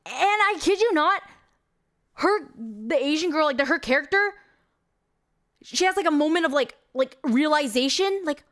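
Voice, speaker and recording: A woman's voice: high voice, expressive, moderate pace, fairly bright tone. A young adult woman streamer chatting casually, telling a long story in a rambling, incredulous way with lots of fillers. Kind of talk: casual stream chat recapping a movie.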